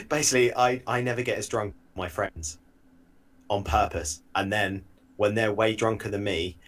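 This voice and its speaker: A man's voice: on the low side, a little slow, fairly bright tone. A man co-hosting a casual podcast, teasing his partner and laughing a lot. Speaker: podcast co-host.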